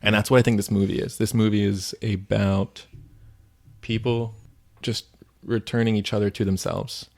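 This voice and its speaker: Gravelly-voiced man telling a story. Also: on the low side, little pitch movement, normal speed, darkish tone. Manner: rambling storyteller, lots of "like". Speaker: podcast co-host. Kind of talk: casual faith podcast chat.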